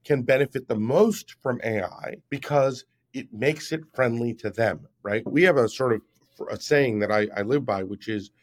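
A man in his fifties talks as a guest on an interview show. He explains things in an emphatic, step-by-step way and often checks in with "right?". His voice sits at a middle pitch. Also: expressive, normal speed. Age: 50s. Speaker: guest, app founder. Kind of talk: podcast interview.

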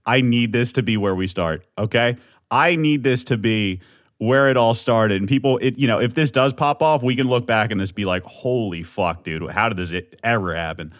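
A young man hosting his own podcast, rambling and swearing in a manic, excitable way as he pitches the show. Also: moderate pace, no room sound, clean studio sound. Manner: manic, rambling, swearing, bursts of shouting and laughter. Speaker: podcast host. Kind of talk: casual solo podcast teaser.

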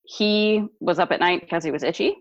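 A woman in her thirties, a guest on an interview show, telling a personal story in an animated way with frequent laughs. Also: lowish voice, brisk, no echo. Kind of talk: podcast interview. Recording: dull lo-fi dry sound.

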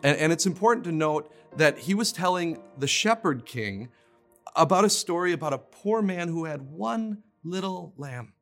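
A man preaching with earnest emphasis, his voice sitting a little higher than most men's. He stumbles and restarts words as he drives his points home. Faint music plays quietly underneath. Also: animated, normal speed. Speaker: pastor. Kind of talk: sermon.

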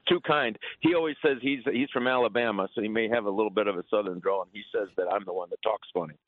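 A middle-aged man calling in as a guest for a radio interview, speaking in a measured, plain-spoken way. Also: fairly low pitch, slight background noise. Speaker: guest on the phone. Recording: tinny phone line.

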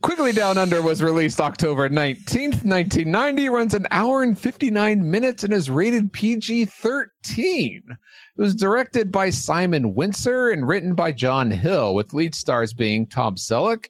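A man's voice: sits high, big pitch swings, normal speed, dry recording. A man co-hosting a podcast, reading film facts with a joking manner. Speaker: podcast co-host. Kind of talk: casual podcast chat.

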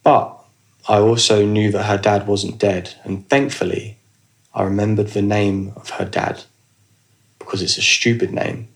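A man's voice: lowish voice, level tone, measured pace. A young man telling a personal story in a rambling, casual way, with restarts and swearing. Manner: rambling, restarts, swears, acts out others' lines.

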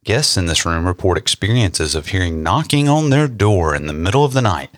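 A man's voice: low voice, sing-song, brisk, no echo, studio quality. A young man co-hosting a podcast, reading history facts and joking about them. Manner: joking, reads facts then riffs. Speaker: podcast co-host. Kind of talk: casual chat and read history.

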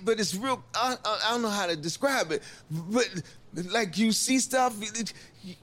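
A man doing a stand-up comedy set, telling a loose, animated story full of profanity and acted-out quotes. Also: high voice, normal speed. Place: stage before a live audience. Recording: live club recording with loud crowd noise.

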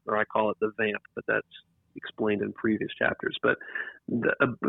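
Interviewed casually about a book he wrote, a man with a lowish, creaky, husky voice talks at a moderate pace. His delivery rambles, with restarts and emphatic repetition, and the dry, tinny audio from a computer mic has no room sound.

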